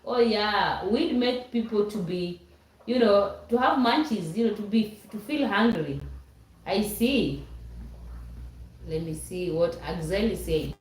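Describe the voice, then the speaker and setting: Woman on a livestream reading chat out loud, talks slow, laughs a lot, kinda echoey room. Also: mid-range voice, lively intonation. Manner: chatty, laughs often, reads comments aloud. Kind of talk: casual live chat. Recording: roomy echo.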